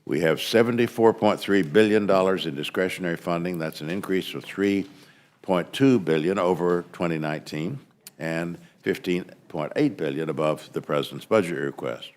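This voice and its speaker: A man testifying before a committee about a spending bill, speaking formally and somewhat haltingly, with many hesitations. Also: low voice, darkish tone. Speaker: subcommittee chairman testifying. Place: committee hearing room.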